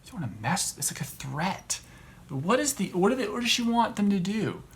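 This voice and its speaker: A man hosting a podcast who rants in a casual comedic way, rambling and halting with many restarts. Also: high voice, sing-song, slight background noise. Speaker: podcast host.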